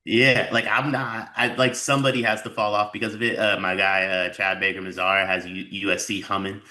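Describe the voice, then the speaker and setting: A man with a very low pitch and a very bright, edgy tone, co-hosting a casual sports podcast. He rambles loosely, circling back and piling up filler words as he thinks out loud. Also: level tone, a little fast. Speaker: podcast co-host.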